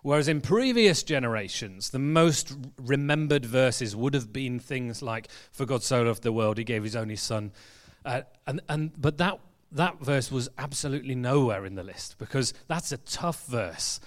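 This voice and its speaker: A man, a church pastor, preaching a sermon in a relaxed, conversational storytelling manner, with fillers and restarts, in a church hall. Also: mid-range voice, normal speed, few pauses.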